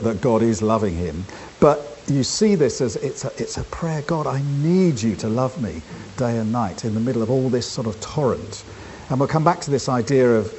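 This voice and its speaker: A man preaching a sermon, talking in an unhurried, thoughtful way with frequent fillers and restarts. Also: medium pitch, darkish tone, a little hiss or hum.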